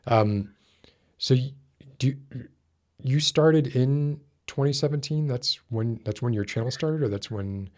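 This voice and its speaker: A man's voice: mid-range voice, a little slow, darkish tone. A man hosting a casual chat, rambling and hesitant as he talks things through. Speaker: podcast host.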